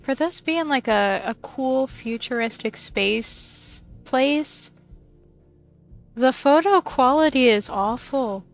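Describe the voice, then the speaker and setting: A woman's voice: high-pitched, lively intonation, slow pace, soft background music. A woman streamer playing a video game, reading its text aloud and chatting casually, often giggling. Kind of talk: casual let's-play commentary.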